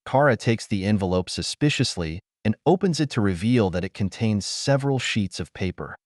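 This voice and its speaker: A man's voice: fairly low pitch, animated, moderate pace, dry recording, clean studio sound. A man narrating a dramatic audio story in a scripted storytelling style.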